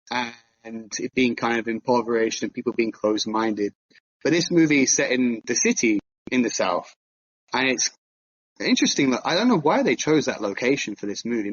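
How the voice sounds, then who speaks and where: A man on a film podcast, chatting casually and thinking out loud with fillers and restarts. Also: mid-range voice, animated, moderate pace, breathy edge, no room sound, highs cut off. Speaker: podcast co-host.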